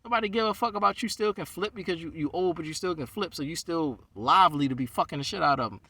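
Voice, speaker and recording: A man's voice: fairly high pitch, fast talker, bright, forceful tone, breathy edge, dry recording, far from the mic. A man who is a rabbi, venting in a heated, profane monologue. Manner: heated, ranting, heavy swearing.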